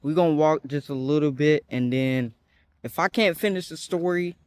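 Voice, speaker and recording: A young man telling a story while walking outdoors, chatty and animated, with nervous asides. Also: a little high, normal speed, smooth, no echo. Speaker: vlogger. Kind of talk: casual story-time vlog.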